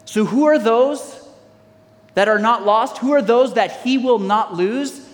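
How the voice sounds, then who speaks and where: A man with a notably high voice preaches a sermon, reading scripture and asking the congregation to call out answers. His voice rings with the long reverb of a large hall. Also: measured pace. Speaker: pastor.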